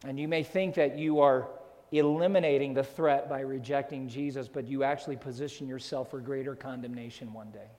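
A male pastor preaching a sermon, rising to loud emphatic phrases and sinking to hushed, soft tones. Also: medium pitch, steady tone, fairly quick. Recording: long reverb of a large hall.

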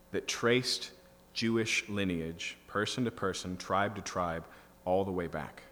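A man's voice: lowish voice, a bit bright. Man preaching in a reverberant hall. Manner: teaching, rising to emphatic bursts. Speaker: pastor. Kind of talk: expository sermon. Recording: reverberant hall with faint hum.

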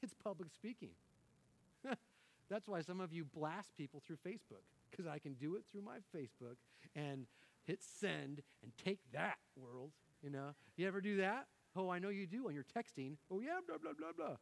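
A man, a pastor, preaching a sermon in an animated way, breaking off with laughs and quick restarts. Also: fairly high pitch, gravelly. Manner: animated, laughing often, self-interrupting with restarts.

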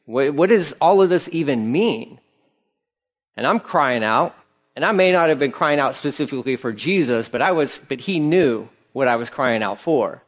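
A man preaching a conversational sermon, telling the story casually and acting out quotes in an animated way. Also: medium pitch, normal speed. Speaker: pastor.

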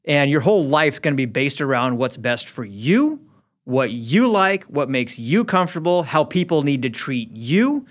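A man on a casual studio podcast, earnest and opinionated, thinking out loud as he talks. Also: medium pitch, big pitch swings, moderate pace. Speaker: podcast co-host. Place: recording studio.

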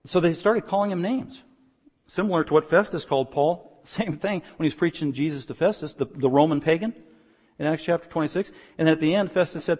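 A man preaching an expository sermon, moving from quiet, low explaining to loud, emphatic passages. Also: fairly quick, slightly rough, big-room sound. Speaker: pastor.

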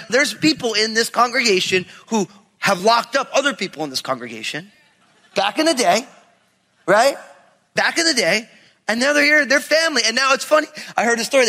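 Bright, high-voiced preaching man. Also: husky, long reverb tail. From New York area. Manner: animated, conversational preaching with voiced anecdotes. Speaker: pastor. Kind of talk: sermon. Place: church sanctuary.

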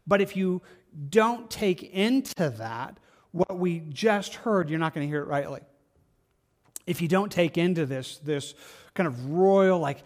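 A man preaching a sermon in an earnest, halting way, often repeating words and restarting, moving between soft and stronger delivery. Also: on the high side, expressive. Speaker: pastor.

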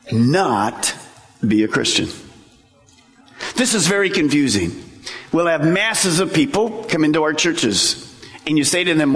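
A man preaching a sermon as pastor, emphatic and animated, joking with his congregation. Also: mid-range voice. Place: church sanctuary. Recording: echoey church hall.

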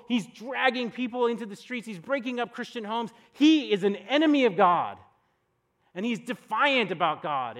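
A man's voice: sits high, a bit bright. A young adult man preaching a sermon in a conversational, storytelling way, full of rhetorical questions. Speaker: pastor. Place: church podcast recording.

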